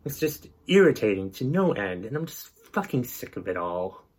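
A man's voice: lowish voice, big pitch swings, moderate pace, a little mellow, slightly rough. A male podcast host delivering an exasperated, profanity-heavy rant. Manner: angry, exasperated, heavy swearing.

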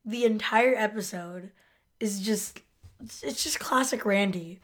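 A laid-back woman co-hosting a casual podcast, chatting about a TV episode. Her voice sits at a middle pitch, and she teases her co-host and laughs easily. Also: a little slow. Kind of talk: casual episode recap chat.

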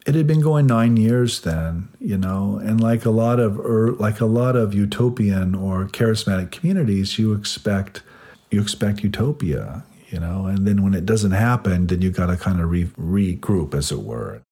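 A man's voice: fairly low pitch, lively intonation, moderate pace, mellow. A man answering in an interview, explaining at length in a thoughtful, storytelling way. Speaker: interview guest.

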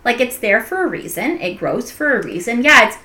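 A young adult woman co-hosting a casual podcast chat, telling an animated story, swearing freely and tacking on "and whatnot". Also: a little high, brisk, a little hiss or hum. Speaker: podcast co-host.

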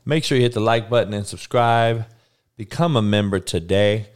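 A man's voice: lowish voice, moderate pace. A young man hosting a live sports podcast, talking bluntly and rambling, with lots of swearing. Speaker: podcast host.

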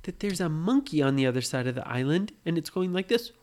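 A woman voicing an excitable, quick-tempered young boy in a bedtime story, her voice lifted a little higher. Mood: excited.

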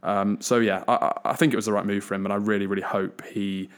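Young guy cohosting a podcast, low voice, keeps tripping over his words, earnest. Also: fairly even intonation, fast. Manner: hesitant, many restarts, earnest. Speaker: podcast co-host. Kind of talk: casual podcast chat.

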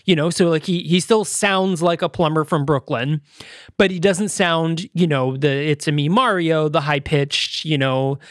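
A man hosts a podcast in loose, casual chat, his voice sitting a little high for a man. He rambles through fillers and restarts and acts out quotes in quick little voices. The sound is dry and close. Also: no room sound. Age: adult parent. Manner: animated retelling, quoting others in little voices. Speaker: podcast host.

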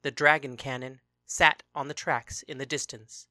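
A narrator reading a story aloud in a calm, even, first-person manner. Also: mid-range voice, normal speed, no room sound, clean studio sound. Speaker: audiobook narrator.

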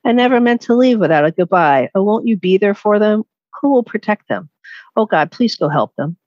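A woman voicing a grieving, tender husband in heaven, reading aloud from her book with a husky voice. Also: mid-range voice, lively intonation, a little fast, no room sound, lo-fi sound, voice pushed up, lightly acted. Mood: pleading. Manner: soft, pleading storybook read-aloud.

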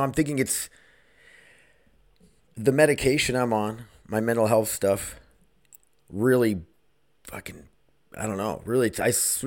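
A man hosting his own podcast in casual solo chat, blunt and rambling, swearing freely. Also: lowish voice. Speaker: podcast host.

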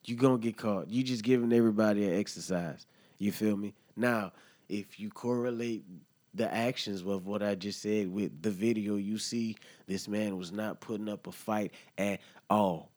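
A man's voice: on the low side, steady tone, normal speed, a little mellow. Heated, profane man on a podcast. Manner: heated, profane, slangy, talks straight to listeners. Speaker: podcast host. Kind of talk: impassioned solo podcast commentary.

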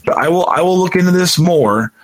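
Husky, rambling podcast co-host man. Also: high voice, animated, brisk. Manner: rambling, self-deprecating. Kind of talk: casual podcast banter.

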